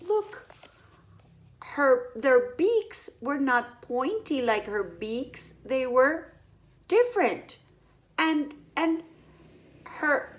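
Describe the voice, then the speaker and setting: A woman reading a picture book aloud in a slow, expressive way, with many exclamations. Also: high voice. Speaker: storyteller.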